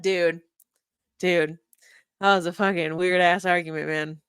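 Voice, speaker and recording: A young woman talks on a desk mic in a casual livestream, rambling and swearing freely, dropping into mutters between lines. Her voice sits a little low, and the sound is close and dry with no room echo. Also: steady tone, a little slow, long pauses, a bit bright, clear, resonant tone. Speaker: streamer reviewing a live stream. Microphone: desk microphone.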